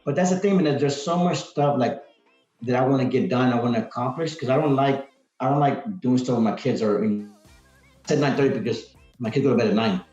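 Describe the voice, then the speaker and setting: A man's voice: medium pitch, brisk, darkish tone, faint music behind. A man, a podcast guest, chatting casually and energetically, rambling with lots of "like" and "man". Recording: roomy, dull lo-fi sound.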